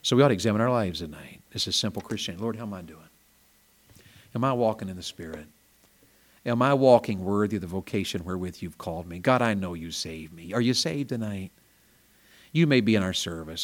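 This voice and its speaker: A man preaching a revival sermon in a small church, folksy and storytelling, rising to loud emphatic peaks. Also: fairly low pitch.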